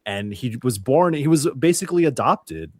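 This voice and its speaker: A man's voice: mid-range voice, lively intonation, moderate pace, a little mellow, dry recording, studio quality. A man, a podcast guest, chatting casually and telling a rambling story with plenty of swearing. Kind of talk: casual chat.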